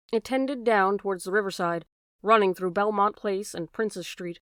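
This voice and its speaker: A woman narrating a classic detective story as an audiobook reader, steady and even. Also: mid-range voice, moderate pace, smooth, dry recording, clean studio sound. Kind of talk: scripted narration.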